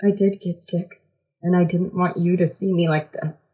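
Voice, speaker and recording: A woman plays her character in a tabletop game, saying what she does in a quiet, matter-of-fact way. Her voice is on the low side for a woman. Her mic sounds dull and lo-fi. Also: fairly even intonation, normal speed. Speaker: player. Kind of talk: tabletop role-play.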